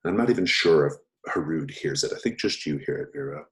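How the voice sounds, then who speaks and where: A man narrating as game master of a tabletop horror game, deliberate and descriptive. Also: very deep voice, animated.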